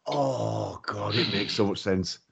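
A man's voice: fairly low pitch, slow, creaky, background noise. A man, chatting casually as a podcast co-host, swearing freely and laughing a lot while telling stories. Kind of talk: casual chat. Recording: dull lo-fi audio.

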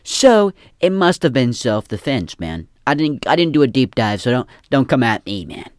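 A man's voice: mid-range voice, big pitch swings, normal speed, no room sound. A young man ranting in a casual, profane, rambling way, often repeating himself. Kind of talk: casual rant.

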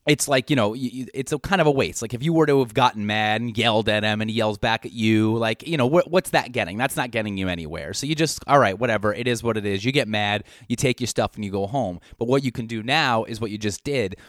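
Calm, reflective man with a dry sound. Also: on the low side, fast, few pauses, no room sound. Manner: reflective, reassuring, many fillers. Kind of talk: casual chat.

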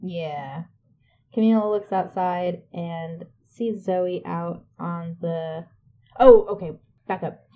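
A woman's voice: lowish voice, slow, muffled recording. A woman co-hosting a podcast, recapping a movie in casual, chatty talk, swearing and joking. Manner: chatty, swears freely, laughs and jokes. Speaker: podcast co-host.

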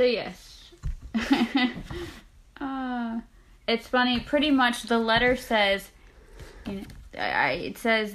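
A woman's voice: fairly high pitch, fairly bright tone. A woman casually reading a novel aloud with chatty asides. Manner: chatty, laughing asides between passages.

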